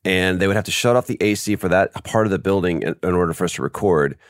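A man being interviewed as a voice actor, telling stories in a casual, animated way and acting out quoted lines over a video call. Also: deep voice, fast talker, no echo, clean studio sound. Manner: animated storyteller, acts out quotes. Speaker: guest, voice actor. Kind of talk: casual podcast interview storytelling.

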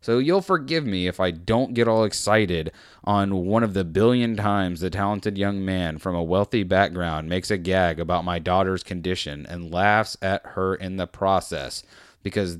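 A man hosting a commentary video, reading tweets aloud and mocking them in a sarcastic, rambling way that swings between loud outbursts and muttering. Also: sits low, measured pace, smooth, no echo, clean studio sound.

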